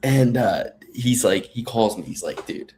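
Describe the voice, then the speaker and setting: A man's voice: on the low side, animated, measured pace, darkish tone, a little hiss or hum. A man co-hosting a casual podcast chat, telling long rambling stories with fillers and restarts. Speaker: podcast co-host.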